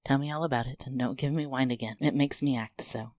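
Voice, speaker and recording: A man's voice: medium pitch, steady tone, fast, darkish tone, no echo, natural voice. A man reading as Jo, a tender-hearted young woman. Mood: flustered. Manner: emotional, pleading then joyful.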